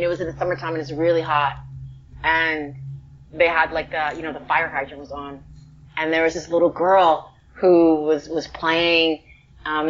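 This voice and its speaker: A lower-pitched woman from the Bronx tells a story as an interview guest, animated and emotional, tumbling through "like" fillers. Her voice comes through a dull, lo-fi recording. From the Bronx, New York. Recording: dull lo-fi sound.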